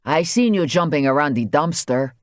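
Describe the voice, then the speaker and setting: A man's voice: fairly high pitch, expressive, normal speed, no echo, clean studio sound, natural voice. A man voicing a cheeky teenage Mexican boy in jail, with a Mexican Spanish accent and slangy chatter.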